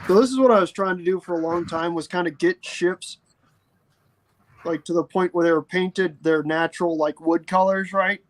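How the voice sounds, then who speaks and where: A man with a notably high voice chats casually on a miniature-painting stream. He jumps in with quick remarks and then explains what he has been painting.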